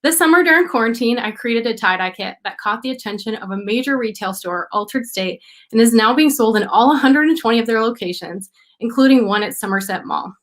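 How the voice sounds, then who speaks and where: A young woman founder giving a rehearsed, upbeat, encouraging business pitch over a video call. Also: lively intonation, brisk.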